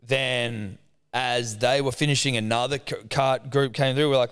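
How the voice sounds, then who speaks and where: A man, a podcast co-host, telling a lively, heavily sworn anecdote in casual chat. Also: mid-range voice, a little slow, clean tone. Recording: long room reverb.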